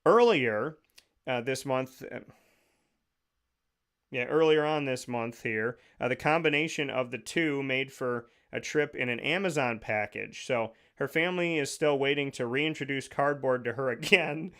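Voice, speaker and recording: Unhurried and a bit bright, a male host's medium-pitched voice carries a casual monologue over a studio mic. He drifts from point to point, spinning jokey, rambling stories.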